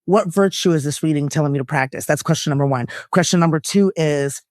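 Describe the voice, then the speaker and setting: A woman guest, an actress and lifestyle coach, speaking earnestly and reflectively in a candid conversation, her voice jumping up when she laughs or gets excited. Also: fast, dry recording, studio quality. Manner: earnest and reflective, with bursts of laughter and pitch jumps.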